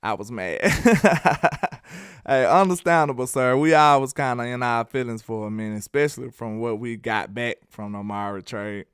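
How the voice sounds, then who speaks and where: A man with a Southern accent from Alabama, doing casual sports talk and reading his live chat in an animated, playful, trash-talking way. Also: mid-range voice, normal speed, clear, resonant tone, no room sound, studio quality. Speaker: sports commentator.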